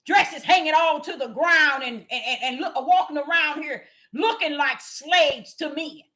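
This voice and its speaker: A woman preaching an impassioned sermon, calling out to her listeners and swinging from low murmurs to loud cries. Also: measured pace. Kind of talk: fiery street sermon.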